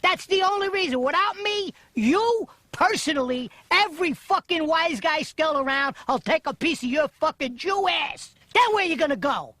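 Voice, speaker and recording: Here is a raging gangster who swears in nearly every breath, as a woman dubs him. The voice sits high and sounds sharp and bright. The recording is dry and close, with no room around it. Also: animated, moderate pace, hardly any pauses, dry recording. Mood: enraged. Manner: profane, threatening rant. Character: furious foul-mouthed male mob boss. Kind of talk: comedic fan voice-over dub.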